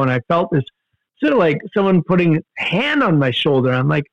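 Man, casual storyteller, fairly high voice, dull dry sound, lots of fillers. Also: normal speed, gravelly, no echo. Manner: animated, jumps in pitch for quoted outbursts, many fillers and restarts. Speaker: guest storyteller. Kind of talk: casual anecdote in conversation.

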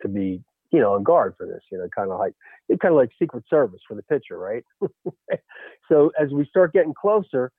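A former baseball coach telling a lively story in a radio interview, peppering his talk with "you know" and "right?". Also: mid-range voice, a little fast, husky, no echo. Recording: tinny phone line.

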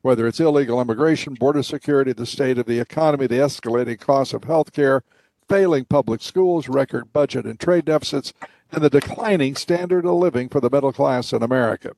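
Male host, measured commanding delivery, dry studio sound. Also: mid-range voice, darkish tone, dry recording. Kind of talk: broadcast commentary and interview.

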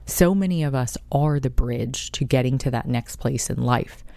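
A woman's voice: a bass voice, moderate pace, vocal fry, mellow, no echo. A woman hosting her own podcast, talking in a gushing, chatty and effusive way. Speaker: podcast host. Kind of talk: casual monologue.

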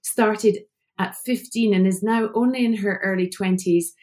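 A woman's voice: medium pitch, fairly even intonation, unhurried, darkish tone, soft background music. A middle-aged woman hosting a podcast, talking in a gushing, enthusiastic and chatty way. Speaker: podcast host. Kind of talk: casual podcast interview.

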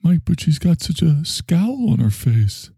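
A man's voice: on the high side, very animated, unhurried, vocal fry, mellow, slightly rough, no room sound, pitched above the performer's own voice, heavily acted. A man voicing a puzzled, skeptical ordinary man who keeps questioning. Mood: doubtful. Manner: questioning, plain, doubtful.

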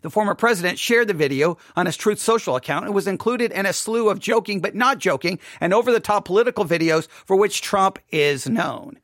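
A woman's voice: medium pitch, no echo. Fired up woman commentator, voice jumping all over, dry close sound. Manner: exasperated, halting, with animated outbursts. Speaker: online commentator. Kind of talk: indignant commentary.

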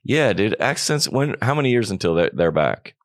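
Low voiced guy hosting a podcast, goofing around, dry close sound. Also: sing-song, dry recording. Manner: joking, playful, quick back-and-forth. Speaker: podcast host. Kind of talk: casual podcast banter. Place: studio.

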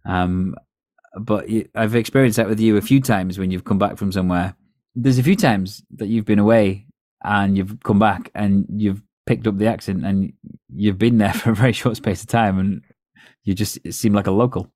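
A man hosting a podcast, telling stories in a relaxed, chatty way with a North West English accent. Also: on the low side, normal speed, dry recording, clean studio sound. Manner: storytelling, chatty with laughs. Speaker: podcast host. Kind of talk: casual chat.

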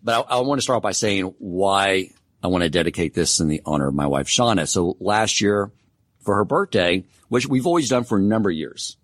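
A man's voice: deep voice, lively intonation, brisk, no echo. A man teaching a Torah class in a casual, conversational way. He tells stories with self-deprecating humor.

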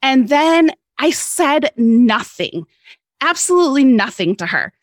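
A woman's voice: high-pitched, big pitch swings, a little slow, no echo, clean studio sound. A woman guest on a podcast telling a personal story in a candid, casual way, swearing freely and laughing often.

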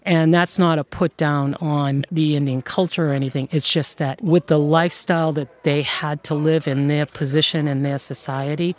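A woman who runs an outsourcing firm, telling stories in an interview in a lively way and laughing often. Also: low-pitched, moderate pace, few pauses. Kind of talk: conversational interview storytelling.

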